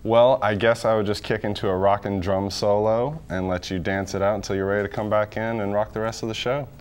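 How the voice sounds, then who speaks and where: A man's voice: on the low side, fairly even intonation, fairly quick, darkish tone, clear, resonant tone. A man on a dating game show, giving easygoing joking replies. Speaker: contestant. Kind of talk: casual game show answers.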